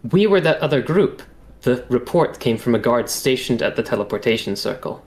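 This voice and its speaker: A man's voice: mid-range voice, animated, a little fast, a little mellow. A man playing a tabletop game, speaking formally and courteously in character. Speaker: player. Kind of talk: in-character tabletop role-play.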